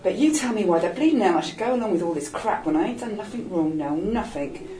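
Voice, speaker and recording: A woman's voice: medium pitch, animated, fast, mellow, slight background noise, lightly acted. A woman voicing a troubled young man, glum and plaintive, in a storybook reading. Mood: defiant. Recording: roomy echo, distant mic.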